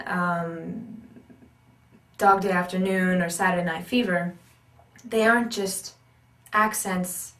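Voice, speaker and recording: A woman teaching about accents and voice work in an animated, emphatic way, repeating her key points. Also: medium pitch, far from the mic. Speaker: acting and accent coach. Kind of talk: instructional talk. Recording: roomy echo, speaker off-mic.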